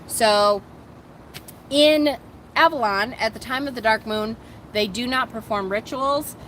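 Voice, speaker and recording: A woman hosting a casual book discussion, reading passages aloud and commenting in a chatty, animated way with lots of fillers, recorded outdoors on sand. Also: on the high side, unhurried, a little hiss or hum, low-quality recording.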